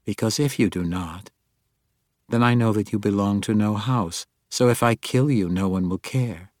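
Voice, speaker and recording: A man voicing an imperious female dark elf matriarch in an audiobook, speaking in a cold, commanding and quietly threatening way. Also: fairly low pitch, moderate pace, no echo, studio quality, natural voice. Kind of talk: audiobook character voice.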